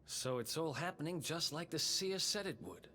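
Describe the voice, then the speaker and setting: A man's voice: a little high, lively intonation, moderate pace, pushed and bright, a little hiss or hum. A man voicing a cocky, street-smart young male thief with a loose New York-like accent and a breezy, teasing manner. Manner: breezy, self-assured, teasing.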